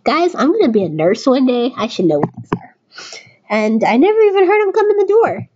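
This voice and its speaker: A woman's voice: sits high, big pitch swings, a little fast, a little mellow, highs cut off, slight background noise. A tipsy woman hosting a let's play, reading the game aloud and making chatty jokes. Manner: joking, chatty.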